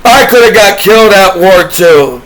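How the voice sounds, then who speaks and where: High-voiced, bright man ranting. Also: expressive, moderate pace, low-quality recording. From United States. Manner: aggrieved, profane, repetitive, trailing restarts. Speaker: disabled combat veteran vlogger. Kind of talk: rambling profane rant to camera.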